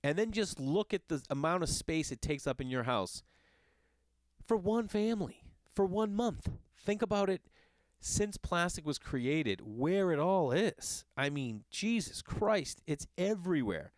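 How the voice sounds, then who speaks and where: A middle-aged man ranting in a casual monologue, swearing often and jumping between loud outbursts and muttered asides. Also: on the high side, a little slow, dry recording, clean studio sound. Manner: ranting, profane, animated. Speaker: podcast host. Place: Los Angeles.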